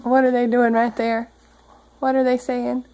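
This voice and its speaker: A mother at home reading a picture book aloud to her toddler, gently coaxing and prompting the child along. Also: a little high, level tone, measured pace, clean tone, low-quality recording.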